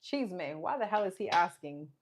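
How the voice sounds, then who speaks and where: A woman with a fairly low voice gives a loose, chatty tarot reading, musing out loud as she runs through the cards. A steady hiss of noise sits under her voice throughout. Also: moderate pace. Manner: chatty, thinks aloud while naming cards. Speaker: tarot card reader. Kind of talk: casual live tarot reading. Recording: clear background noise.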